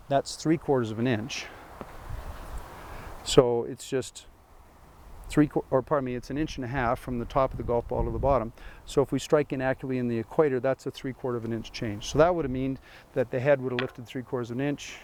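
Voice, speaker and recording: A man's voice: medium pitch, a little mellow, slight background noise. A man, a golf teaching pro, giving a chatty lesson full of rhetorical questions and dry sarcasm. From Canada.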